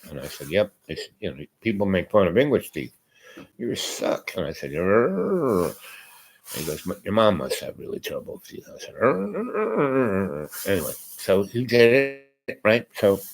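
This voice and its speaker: Low-voiced rambling man, many fillers. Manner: meandering, many fillers and asides. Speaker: podcast host. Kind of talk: rambling casual monologue.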